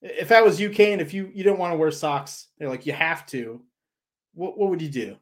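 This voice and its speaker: A man's voice: high voice, fast. A man co-hosting a podcast, telling stories and giving advice in a loose, rambling way with lots of fillers. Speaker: podcast co-host. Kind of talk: casual podcast chat.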